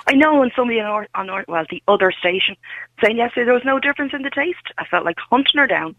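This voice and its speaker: A woman's voice: on the high side, expressive, no room sound, narrow, tinny audio. Frank, chatty woman co-host. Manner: frank, chatty, quick to laugh. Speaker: radio co-host. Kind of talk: casual radio chat.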